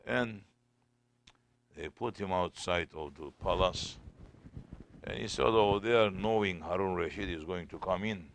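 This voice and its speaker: A man's voice: deep voice, measured pace, vocal fry, long pauses, slight background noise. A man preaching a sermon as a sheikh, telling stories in simple non-native English.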